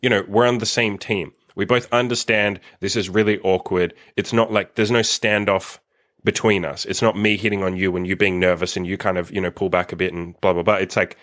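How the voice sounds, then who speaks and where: Blunt, low-voiced man. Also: fairly even intonation, brisk, a bit bright. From Australia. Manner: blunt, swears freely, acts out quoted dialogue. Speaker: dating coach podcast host. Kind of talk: casual solo podcast talk.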